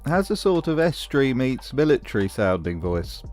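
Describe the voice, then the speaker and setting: A man's voice: mid-range voice, very animated, moderate pace, a little mellow, faint music behind. A man narrating a scripted video analysis of game voices with dry, wry humor.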